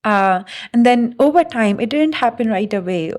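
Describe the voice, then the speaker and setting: A young adult woman talking through her thoughts in a reflective vlog monologue, halting and full of fillers and restarts. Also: fairly high pitch, lively intonation, a little mellow. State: briefly emotional. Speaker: vlogger.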